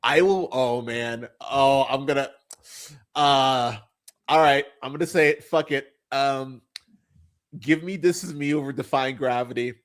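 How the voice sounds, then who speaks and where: A man hosting a podcast, talking in a casual chat that rambles and swears freely, with lots of fillers and restarts. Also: mid-range voice. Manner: rambling, profane, halting with many fillers. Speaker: podcast host.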